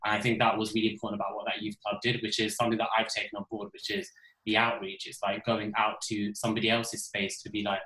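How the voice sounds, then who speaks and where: This young man with a London accent, from the Isle of Dogs, is an ethical designer appearing as a guest on a webinar panel. His lowish voice stays level yet sounds bright and forceful, and he talks fast, chatting casually over video call with plenty of fillers. The audio is poor and the room echoes.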